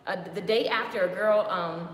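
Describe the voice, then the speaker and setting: A woman giving a lively, chatty motivational talk on a live stream, greeting viewers by name. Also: mid-range voice, moderate pace. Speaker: motivational vlogger. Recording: echoey with long reverb.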